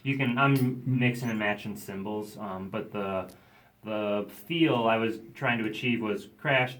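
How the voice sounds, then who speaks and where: A man's voice: on the low side, unhurried, fairly bright tone. A man, a drummer, explaining his drum part, scatting the rhythms aloud with frequent hesitant fillers.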